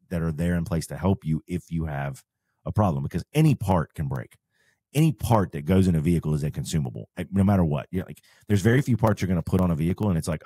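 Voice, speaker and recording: A man's voice: low voice, dark tone, slightly rough, no echo, studio quality. A man, co-hosting a podcast and explaining off-road parts step by step in casual talk. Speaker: podcast host and off-road shop owner. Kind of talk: casual advice chat.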